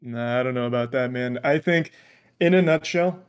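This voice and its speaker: A man's voice: mid-range voice, moderate pace, clear, resonant tone. A man streamer on a call, chatting casually and giving blunt, joking opinions. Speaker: guest streamer. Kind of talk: casual chat.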